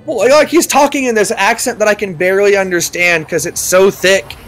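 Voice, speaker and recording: A man's voice: high-pitched, fairly quick, fairly bright tone, soft background music. A man telling a story in casual chat, acting out quotes in funny voices. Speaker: guest on a live stream chat.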